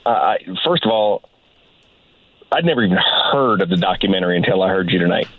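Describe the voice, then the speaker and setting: A man's voice: low voice, lively intonation, quick pace, no room sound. A man calling in to a radio show, speaking hesitantly and stammering. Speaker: caller. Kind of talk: phone call-in. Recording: dry, tinny phone line.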